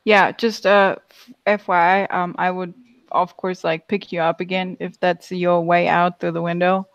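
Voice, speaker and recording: Hesitant, apologetic player, gravelly and monotone, dull line. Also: mid-range voice, normal speed, no room sound. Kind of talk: casual tabletop game chat.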